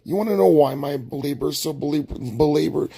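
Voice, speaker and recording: A man's voice: fairly high pitch, fast talker, gravelly, dark tone, breathy edge. A man ranting angrily on a late-night livestream, agitated and repetitive, with labored, shallow breathing.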